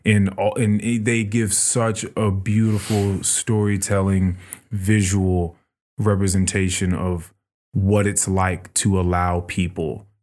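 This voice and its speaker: A man hosting a podcast, retelling a book in casual, animated chat with plenty of swearing. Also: low-pitched, slow pace. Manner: animated, profane storytelling. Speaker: podcast host.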